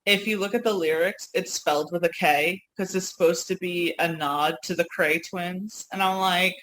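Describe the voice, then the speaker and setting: A woman with a New York accent tells stories in loose, rambling chat on her podcast. Her voice is bright and a little sharp, and she talks with lots of energy. A faint hiss sits behind her. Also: lowish voice, normal speed, low-quality recording. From Yonkers, New York. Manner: rambling, animated storytelling. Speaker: podcast co-host. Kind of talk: casual chat.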